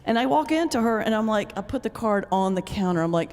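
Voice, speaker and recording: A woman pastor giving a humorous lecture, telling lively stories and laughing often as she speaks. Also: mid-range voice, fast. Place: lecture hall. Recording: long hall reverb.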